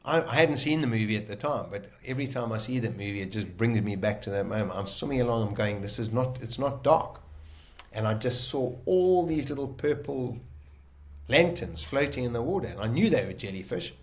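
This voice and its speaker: Middle-aged South African man, mid-pitched, animated storyteller who voices his own thoughts aloud. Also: fairly quick. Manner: vivid, acts out his own inner voices, swings loud and soft. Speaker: guest telling his survival story.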